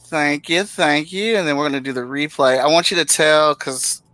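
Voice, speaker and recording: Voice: medium pitch, normal speed, fairly bright tone, a little hiss or hum, low-quality recording. A show host in casual chat, giving brief, easygoing replies.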